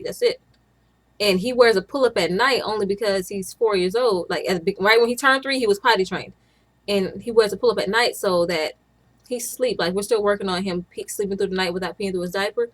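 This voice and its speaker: A woman's voice: mid-range voice, a little fast. A young woman, a stay-at-home mom, chatting casually to camera in a rambling way, often restarting her sentences.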